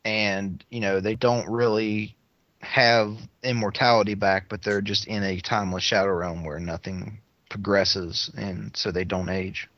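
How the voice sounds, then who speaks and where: A man's voice: fairly low pitch, fairly even intonation, fairly bright tone, no echo. Hesitant podcast guy, muffled dry lo-fi mic. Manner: halting, hesitant, filler-heavy. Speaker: podcast co-host. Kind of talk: casual chat. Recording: dull dry lo-fi sound.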